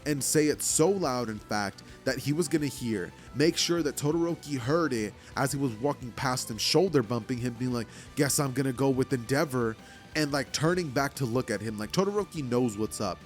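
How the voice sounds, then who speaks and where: A man's voice: medium pitch, animated, moderate pace, few pauses. A man casually narrating a fan-made story, rambling along and leaning on "like" and "you know". His voice sits in an ordinary middle range. Faint music plays underneath.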